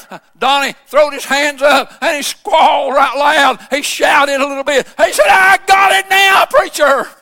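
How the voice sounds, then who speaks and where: A man, preaching a fervent shouted sermon as a pastor, full of uh fillers. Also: extremely high pitch, in a large hall.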